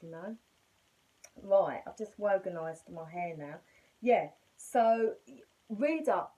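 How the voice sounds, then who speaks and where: A woman's voice: lowish voice, mellow, low-quality recording. A middle-aged woman talks through a casual yoga lesson at home. She rambles happily and keeps poking fun at herself as she explains. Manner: chatty, self-mocking, rambling. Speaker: yoga teacher.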